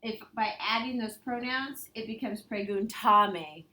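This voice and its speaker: A woman's voice: a little high, measured pace. A woman teaching a casual review lesson, explaining step by step and quizzing her students. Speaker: Spanish teacher.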